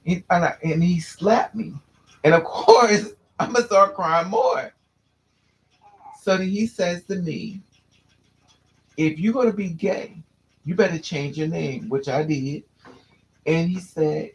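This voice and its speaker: Man, fairly high gravelly voice, recounting a painful past in a candid, halting way. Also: poor audio. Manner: candid, restless, repeats and restarts phrases. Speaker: storyteller. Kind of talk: personal storytelling to a listener.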